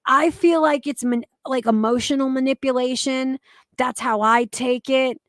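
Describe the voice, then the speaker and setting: A woman's voice: sits high, steady tone, unhurried, no room sound. A young adult woman hosting a casual commentary stream, blunt and profane, reading out and answering viewer comments. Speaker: commentary channel host.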